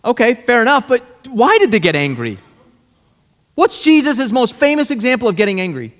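A male pastor preaching a sermon, animated and conversational, full of rhetorical questions. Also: very high-pitched, normal speed. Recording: long hall reverb.

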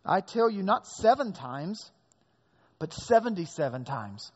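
A man's voice: high-pitched, big pitch swings, a little slow, breathy edge. A man preaching a sermon as pastor, leaning hard on key words, recorded in a large hall with a long echo and a dull sound.

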